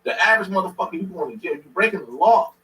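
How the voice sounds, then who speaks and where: A man's voice: sits high, lively intonation, racing, bright, forceful tone, far from the mic, rough recording. A man hosting a stream, giving blunt, slangy reaction commentary and repeating himself for emphasis. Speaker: stream host reacting to a clip.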